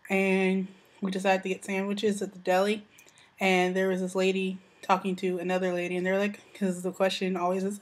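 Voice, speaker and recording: A woman's voice: mid-range voice, monotone, moderate pace. Chatty American woman vlogging. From United States. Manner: chatty, peppered with "like" and "you know". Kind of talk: casual vlog chat.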